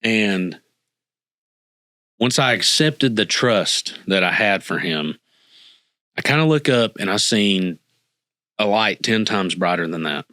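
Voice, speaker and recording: Earnest man with a low, forceful voice. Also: expressive, slow pace, pauses often, no echo. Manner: earnest, emotional, acts out quoted dialogue. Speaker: podcast guest. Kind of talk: personal storytelling in a podcast interview.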